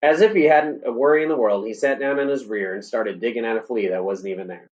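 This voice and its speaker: Man, teacher, reading a novel aloud, steady plain delivery, small stumbles, middling pitch, dull lo-fi sound. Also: fast.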